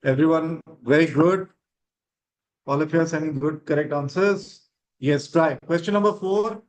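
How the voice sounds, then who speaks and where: A man's voice: on the high side, normal speed, low-quality recording. A man teaching an online grammar class, encouraging students and checking with "right?".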